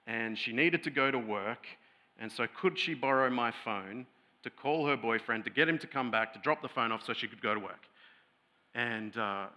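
A male pastor delivers a sermon in a loose, conversational way, full of asides and restarts. His voice is very bright and forward, and it sits at an ordinary pitch for a man. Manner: storytelling, growing loud and heated when retelling an angry scene; conversational with many fillers and restarts.

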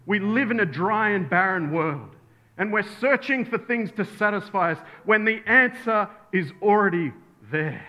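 An earnest male pastor preaches with a bright, forward voice that sits a little high for a man. He swells to emphatic peaks and then falls soft and intimate. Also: expressive, moderate pace. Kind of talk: sermon.

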